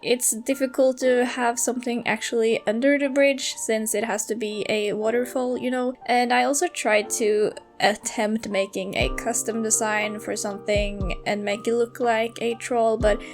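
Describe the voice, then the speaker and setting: Young woman, fairly high voice, chatty, laughs easily, soft music behind. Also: fairly even intonation, moderate pace, hardly any pauses. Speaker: game building video creator. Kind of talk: casual narration and storybook reading.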